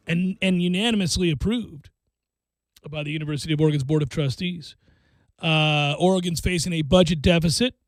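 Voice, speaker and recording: A male sports radio host with a high voice ranting in animated, sarcastic bursts. The studio sound is dry and close. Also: no room sound. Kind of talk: sports talk radio banter.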